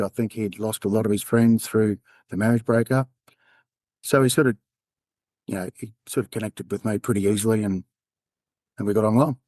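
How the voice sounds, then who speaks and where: Australian man, low voice, candid storytelling. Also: warm tone, no echo. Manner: candid, halting, acts out quoted dialogue. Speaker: podcast guest, former undercover police officer. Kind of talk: personal storytelling in an interview.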